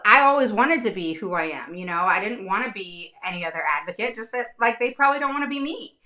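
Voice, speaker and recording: Frank, bright-voiced woman advocate. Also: medium pitch, animated, quick pace. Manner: frank, blunt, swears casually. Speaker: special education advocate. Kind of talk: casual talk to viewers.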